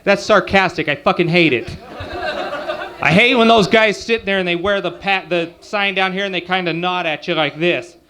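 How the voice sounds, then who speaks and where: On a club stage, a man in his forties does a crude, profane stand-up routine, chatting casually with the crowd. His high voice is pushed and bright at a moderate pace, with slight background noise.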